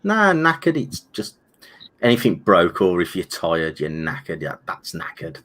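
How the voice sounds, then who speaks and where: A man with a Birmingham accent, hosting a casual live stream chat, animated and repeating his words. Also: low voice, unhurried. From Birmingham, England. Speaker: channel host.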